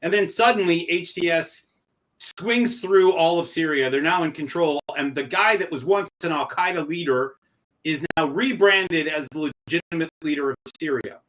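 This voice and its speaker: A man's voice: on the high side, normal speed, a bit bright, low-quality recording. A man hosting a policy podcast, asking questions in a wry, sardonic way. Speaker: host. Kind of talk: conversational podcast interview.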